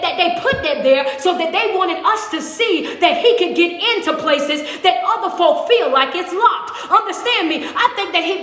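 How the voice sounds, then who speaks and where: A woman's voice: extremely high pitch, a bit bright. A woman preaching a casual devotional while walking on a treadmill, emphatic and conversational. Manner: emphatic, conversational preaching with call-and-response asides. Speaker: motivational speaker and preacher. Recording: echoey room with long reverb.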